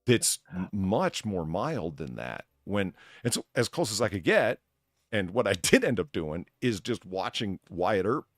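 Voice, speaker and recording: A man with a low voice hosts a casual conversation about accents. His pitch swings widely as he gets animated, and he swears casually. The recording is dry and close. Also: a little slow, no echo. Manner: animated, swears freely, trails off mid-sentence. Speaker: podcast host.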